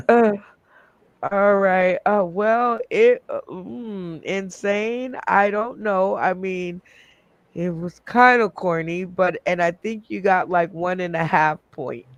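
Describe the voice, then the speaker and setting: A man's voice: high voice, slow pace, clean tone, dry recording, lo-fi sound. A man hosting a casual comedy game show over a video call, laughing often and rambling with fillers.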